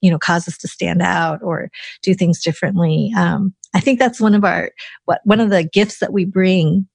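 A woman's voice: on the low side, fairly even intonation, normal speed, vocal fry, darkish tone, husky, no room sound. A woman hosting an interview, affirming and attentive as she reflects and asks questions. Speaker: interviewer, host. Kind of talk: conversational interview.

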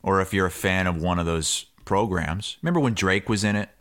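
A man co-hosting a sports podcast, telling a story in casual chat and shouting the quoted lines loudly. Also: low-pitched, a little fast. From Iowa. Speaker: podcast co-host.

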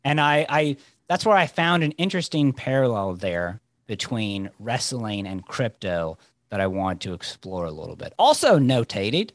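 A man chatting as a podcast guest, telling lively, rambling stories. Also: mid-range voice, normal speed, dry recording, clean studio sound. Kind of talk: casual chat.

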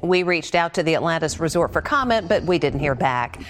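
A woman news anchor reading scripted segment introductions in a brisk, conversational way. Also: sits low, lively intonation, slight background noise.

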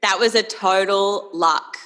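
A woman's voice: medium pitch, slow, fairly bright tone, long reverb tail, poor audio. A young Australian woman, a startup founder being interviewed, chatting upbeat with frequent laughs and fillers. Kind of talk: casual interview conversation.

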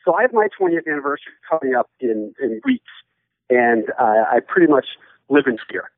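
A man's voice: a little high, very animated, fairly quick, dry recording. A man in his forties, a soccer broadcaster, chatting casually over a remote call, rambling with many restarts. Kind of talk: casual podcast chat. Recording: tinny phone-like line, dry.

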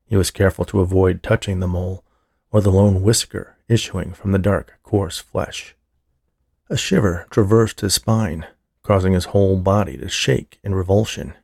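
A male narrator reads a horror tale in measured, deliberate scripted narration. His low voice is heavily gravelly and somewhat husky. It is recorded dry and close, with no room sound. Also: fairly even intonation, a little mellow, no room sound.

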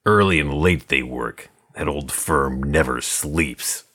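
A man's voice: rumbling low, slow, a bit bright, heavily acted. A man voicing a hard, wary male gangster on the run, in clipped, guarded tough-guy talk. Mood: grim. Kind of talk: audiobook character voice.

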